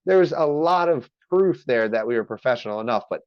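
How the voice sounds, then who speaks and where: A man's voice: mid-range voice, expressive, brisk, clear, resonant tone, no room sound, highs cut off. A man telling a story in a loose, profane way, chatting casually as a podcast guest. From Maryland, US. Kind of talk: casual chat.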